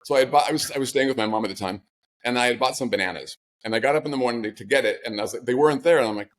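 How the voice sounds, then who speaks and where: A man's voice: mid-range voice, expressive, very fast. A man, the author guest in an interview, telling personal stories in a reflective, conversational way with flashes of wry humor.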